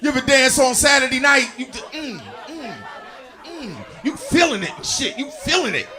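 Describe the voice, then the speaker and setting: A man in his forties doing a stand-up comedy set, animated and profane, playing off the crowd. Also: very high voice, moderate pace, soft background music. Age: 40s. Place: comedy club stage.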